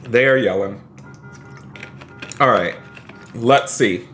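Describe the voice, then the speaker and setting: A male streamer giving excitable, gushing live-stream role-play commentary, often jumping into high squeals. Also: takes it slowly, over music.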